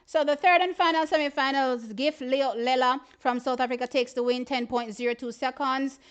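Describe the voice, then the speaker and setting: High-voiced woman hosting a livestream. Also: moderate pace, clear, resonant tone. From Jamaica. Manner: animated, exclamatory, often says "child". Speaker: livestream host. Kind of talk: casual live-stream sports commentary.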